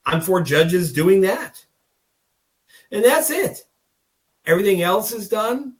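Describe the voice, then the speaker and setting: Male podcast host, slightly high voice, folksy and emphatic, rambling casual talk over a video call. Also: very animated, slow pace.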